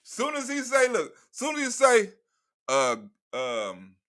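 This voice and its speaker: A man's voice: very high-pitched, wildly swooping pitch, slow pace, pushed and bright. A man doing comedic live commentary in a profane, mocking rant. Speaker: livestream commentator.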